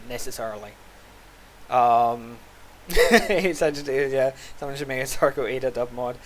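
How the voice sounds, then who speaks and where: A man with a Scottish accent chatting casually while streaming an online game, sardonic and quick to grumble about lag. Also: on the high side, slight background noise, low-quality recording. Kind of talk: casual gaming stream chat.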